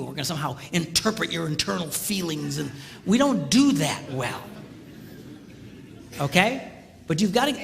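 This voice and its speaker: Animated older man speaking in a hall. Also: on the high side, vocal fry, slight background noise. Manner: animated storytelling, acts out voices. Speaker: marriage seminar speaker. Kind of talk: marriage seminar talk.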